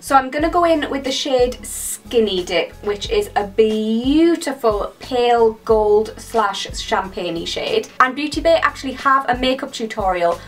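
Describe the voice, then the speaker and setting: A young British woman chatting excitedly through a makeup tutorial in a gushing, chatty way. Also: fairly high pitch, measured pace, few pauses, soft background music. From United Kingdom. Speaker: beauty vlogger.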